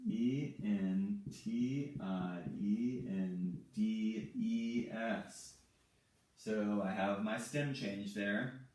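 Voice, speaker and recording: A male Spanish teacher walking through verb forms at a whiteboard, slowly and patiently repeating each one. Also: lowish voice. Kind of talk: whiteboard grammar lesson. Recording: echoey room, mic far off.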